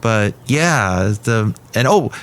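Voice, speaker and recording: A man's voice: lowish voice, animated, slow pace, clean tone. A man hosting a comic one-man podcast, rambling playfully with jokey asides. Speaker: podcast host.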